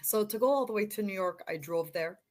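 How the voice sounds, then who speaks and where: A woman's voice: mid-range voice, brisk. A middle-aged woman from Canada, a model guest on a podcast, telling stories in a chatty, self-deprecating way. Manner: chatty storyteller, self-deprecating, laughs easily. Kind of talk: casual chat.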